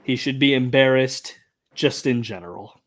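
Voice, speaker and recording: A man's voice: mid-range voice, moderate pace. A man co-hosting a casual live-stream trivia chat, thinking aloud with many ums and uhs. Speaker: trivia contestant and co-host.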